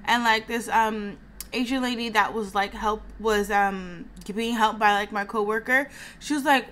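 A woman's voice: medium pitch, steady tone, a little slow, fairly bright tone. A young woman vlogging casually, venting in a chatty way, full of "like" and sighs. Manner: venting, chatty, heavy use of "like", frequent sighs. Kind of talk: casual vlog chat.

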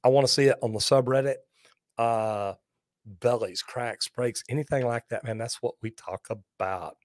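A man hosts a live plumbing question-and-answer show, spinning lively folksy stories and cracking jokes between viewer comments. His voice sits in a mid range and is recorded close and dry, with no room sound around it. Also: mid-range voice, moderate pace, no room sound. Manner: lively storyteller, folksy and joking.

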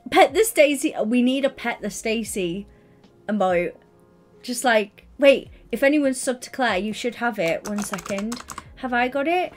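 A woman's voice: a little high, animated. A young woman chatting casually to her livestream audience, giddy and bubbly but tired and yawning, on a headset mic. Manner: giddy, bubbly and chatty, quick asides to chat.

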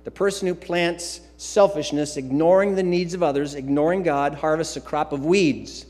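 A man's voice: fairly high pitch, normal speed, darkish tone, long reverb tail. A man preaching a sermon as pastor, emphatic and repetitive, with casual asides and filler sounds. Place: church sanctuary.

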